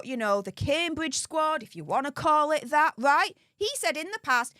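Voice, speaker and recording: A woman, hosting a casual livestream and teasing her audience in a lively, mocking way. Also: fairly high pitch, no echo, studio quality. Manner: animated and mocking, gleefully teasing. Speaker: livestream host. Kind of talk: casual live commentary.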